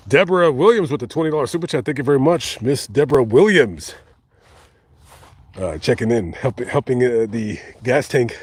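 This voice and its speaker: A man live-streaming outdoors in a cemetery, talking casually and reading viewer comments, with many halting restarts and fillers. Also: medium pitch, slightly rough. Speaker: vlogger reading live chat.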